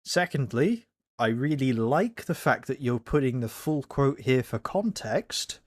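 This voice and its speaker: Brief: average-pitched man, casual rambling reaction host, dry close recording. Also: lively intonation, a little slow, no echo. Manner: rambling, self-correcting, candid.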